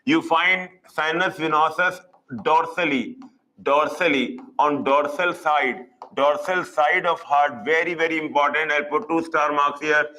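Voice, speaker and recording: Indian guy teaching zoology online, says stuff over and over, kinda higher voice. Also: steady tone, pushed and bright, poor audio. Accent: Indian English. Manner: repetitive, drilling key terms slowly. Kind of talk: live online lecture.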